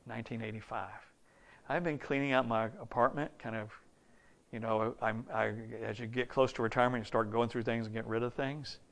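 A man in his fifties gives a folksy sermon, his middle-pitched voice carrying a gravelly edge. He tells stories in a conversational way, sinking to near-murmurs and then climbing loud and high for emphasis. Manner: folksy, storytelling, swings between hushed and loud. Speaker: preacher.

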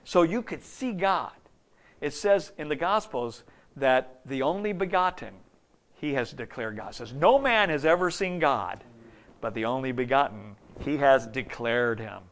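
A man in his fifties gives a folksy sermon, his middle-pitched voice carrying a gravelly edge. He tells stories in a conversational way, sinking to near-murmurs and then climbing loud and high for emphasis. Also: expressive, a little slow. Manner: folksy, storytelling, swings between hushed and loud. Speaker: preacher.

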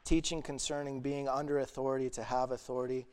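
A man's voice: mid-range voice, little pitch movement, quick pace, darkish tone. A young man preaching a sermon earnestly, retelling a parable and acting out the pleading voices of its characters.

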